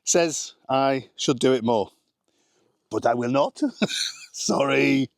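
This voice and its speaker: A man's voice: mid-range voice, slow pace, vocal fry, no room sound. Rambling, chatty man, dry close sound. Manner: rambling, self-deprecating, heavy on filler words like "anyway" and "um". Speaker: vlogger sharing family life abroad. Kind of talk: casual chatty vlog. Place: outdoors at a rural smallholding with animals.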